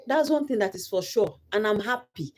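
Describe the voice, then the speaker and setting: A woman's voice: mid-range voice, lively intonation, normal speed, darkish tone. A young Nigerian woman giving an earnest motivational talk about her life, repeating phrases for emphasis. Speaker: vlogger.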